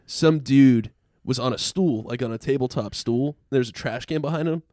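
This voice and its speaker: Young male podcast co-host, middle pitch, cursing storyteller, dead-dry sound. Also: normal speed, no echo. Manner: profane, animated storyteller. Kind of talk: casual podcast banter.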